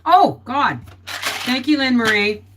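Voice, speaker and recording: Woman, middle-aged, casual livestream chat, home, animated pitch, unhurried. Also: noisy background. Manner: chatty, reads viewer comments aloud, baby talk to her dog. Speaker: homestead livestream host. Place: home indoors. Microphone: desktop mic.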